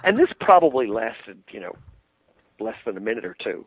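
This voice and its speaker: An older man, a puppeteer, telling animated anecdotes in an interview and laughing easily. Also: on the low side, moderate pace, slightly rough, dry recording. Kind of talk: interview storytelling. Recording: tinny phone-line sound, dry.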